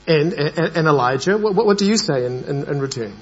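A man preaching a Good Friday sermon in a church, pausing often with fillers and turning to questions. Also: fairly high pitch. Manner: hesitant, many fillers, grows animated. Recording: dull lo-fi recording with mains hum.

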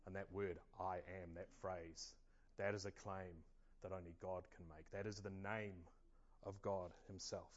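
A man preaching a sermon at a church service, earnest and measured. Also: low-pitched, little pitch movement, dull audio.

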